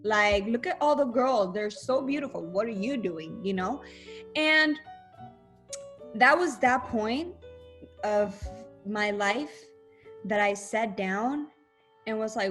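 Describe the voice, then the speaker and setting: A young woman guest on a casual podcast chat, telling stories animatedly with quick restarts and acted-out quotes. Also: on the high side, expressive, fairly bright tone, faint music behind.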